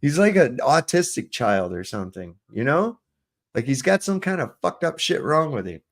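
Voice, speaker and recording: A man's voice: medium pitch, sing-song, normal speed. A man hosting a stream, chatting bluntly and crudely and telling a long joke with put-on voices. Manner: crude, blunt, storytelling with pirate voice. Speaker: stream host. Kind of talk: casual profane chat and joke telling.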